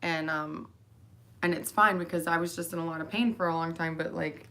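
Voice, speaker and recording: A woman's voice: low-pitched, fairly even intonation, a little fast, a bit bright. A tired young woman talking straight to her daughter in a rambling monologue, full of fillers and restarts. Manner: meandering, with fillers and mid-sentence restarts. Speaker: mother speaking to her daughter.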